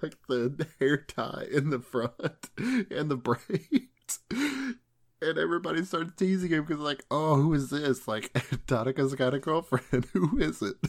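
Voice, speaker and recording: Giggly man retelling a show. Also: a little high. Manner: giggly, laughs through nearly every sentence; acts out characters' lines in quick quoted voices. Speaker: podcast co-host. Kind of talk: casual chat, retelling an anime episode.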